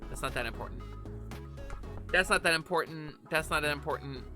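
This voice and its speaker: A woman streaming a game live from her home office, chatting in an animated way and swearing freely. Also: low voice, a little fast, over music. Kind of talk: casual live gaming stream chat.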